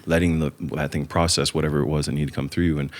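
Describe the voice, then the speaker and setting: A man's voice: rumbling low, level tone, fast talker. A man hosting a podcast, talking earnestly and motivationally in casual chat. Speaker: podcast host.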